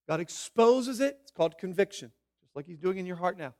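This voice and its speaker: High-voiced man preaching with swings in loudness. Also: fast. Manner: animated preaching, swings between loud emphasis and quiet asides. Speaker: pastor. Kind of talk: sermon.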